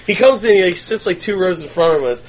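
A man co-hosting a crude, casual podcast, telling stories with loud impressions and frequent laughter. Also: high-pitched, animated, fast. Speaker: podcast co-host.

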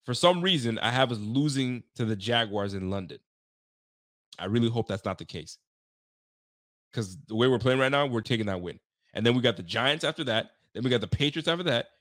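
On a dry, studio-quality recording, a man with a mid-range, slightly bright voice talks fairly quickly with lively intonation. Raised speaking French and Creole in Canada, he hosts a casual post-game sports talk stream, hyped up and trash-talking with jokes.

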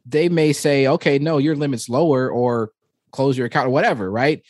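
A man in his thirties talks through a casual podcast conversation. His delivery is animated and full of fillers, and he laughs as he tells stories. His voice sits at a middle pitch in a dry, close setting. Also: moderate pace, no echo. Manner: animated storyteller, frequent fillers, laughs while talking. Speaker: podcast co-host.

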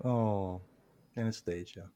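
A male podcast host with a lowish voice takes his time as he recaps a sketch show in casual conversation, with a crowd audible in the background. His storytelling is animated, full of acted-out lines and frequent laughter.

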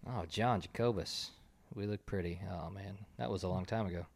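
A man with a fairly low voice co-hosting a casual home-studio podcast. He teases and corrects his partner in a wry, easygoing way. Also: moderate pace, vocal fry, no echo. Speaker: podcast co-host.

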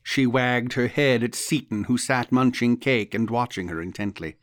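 A man narrating a literary ghost story in the first person, measured and deliberate. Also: mid-range voice, no room sound, clean studio sound. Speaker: audiobook narrator.

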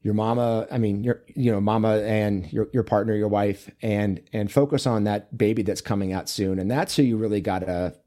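A man talks as a guest in a relaxed interview, his voice low in pitch. His tone is warm and mellow. He tells rambling, earnest stories as a men's coach. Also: moderate pace, hardly any pauses. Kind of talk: casual interview conversation.

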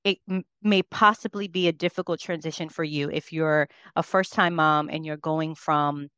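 A woman's voice: low voice, steady tone, moderate pace, a bit bright, clean tone, no echo, studio quality. A woman in her thirties, a working mother, speaking earnestly and with emotion in a podcast conversation. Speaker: podcast guest.

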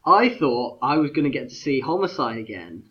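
A man's voice: mid-range voice, sing-song, moderate pace, slightly rough, dull audio. A man co-hosting a casual chat podcast, rambling with lots of fillers and restarts. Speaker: podcast co-host.

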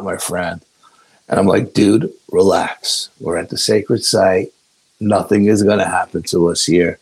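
A man, a podcast guest, telling a story in a casual, laid-back, unhurried way. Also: sits low, creaky, breathy edge, rough recording.

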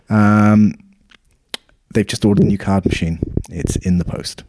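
A man's voice: lowish voice, steady tone, unhurried, a little mellow. A man hosting a podcast, chatting casually and reading out reviews with frequent laughs and rambling asides. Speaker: podcast host.

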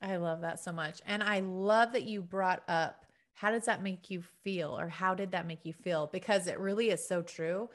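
A woman's voice: on the low side, steady tone, moderate pace, hardly any pauses. A woman hosting a podcast, affirming her guest with effusive, emotional enthusiasm in casual interview chat. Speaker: podcast host.

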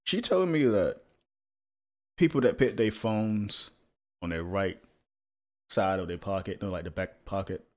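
A man's voice: low-pitched, measured pace, pauses often. A man in a casual chat with a friend, laid-back and laughing often, sometimes repeating his words.

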